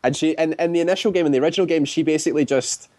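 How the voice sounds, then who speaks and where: A man chatting casually, retelling a story at length and often slipping into quick acted-out quotes. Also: on the high side, a little mellow, no room sound. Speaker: guest describing a video game. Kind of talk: casual chat.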